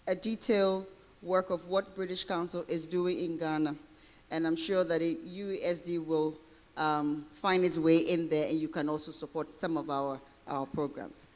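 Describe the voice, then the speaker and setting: A conference host speaks in a brisk, formal way, thanking the last speaker and handing over the floor. The voice has a middle pitch. A long reverb trails each phrase, as in a large hall. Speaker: event host. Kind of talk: announcing at a conference.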